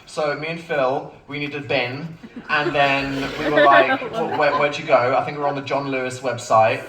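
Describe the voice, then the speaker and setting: A man, an author chatting on stage at a book event Q&A, self-mocking and quick to laugh. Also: mid-range voice, fairly even intonation, distant mic, very noisy. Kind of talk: live on-stage Q&A chat. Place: bookshop event space with a live audience. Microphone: phone recording from the audience. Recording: echoey room taped from afar.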